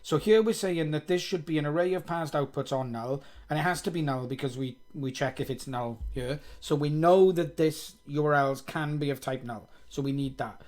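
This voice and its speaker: A man's voice: fairly high pitch, normal speed, few pauses, a little mellow. A man streaming himself coding live, thinking aloud, reading code under his breath and poking fun at himself. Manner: muttering, self-mocking, reads code aloud.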